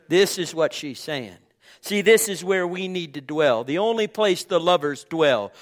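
In a slightly high, expressive voice, a male pastor preaches unhurriedly but with passion. He shifts from loud calls to hushed whispers, repeating phrases while amens are cried out.

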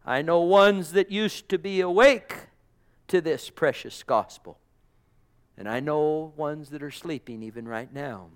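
A man preaching a sermon with passion, calling out amens and praise to the congregation, dropping to a hush and then rising to loud exclamations. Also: a little high, a little slow, clear, resonant tone. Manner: impassioned, swings from hushed murmurs to loud exclamations; calls out amen and praise God to the congregation.

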